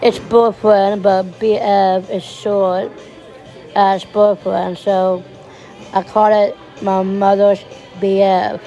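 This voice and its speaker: A woman talking in a personal podcast monologue, halting and repeating herself, her voice breaking and teary. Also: medium pitch, little pitch movement, warm tone, faint music behind, some chatter behind, rough recording.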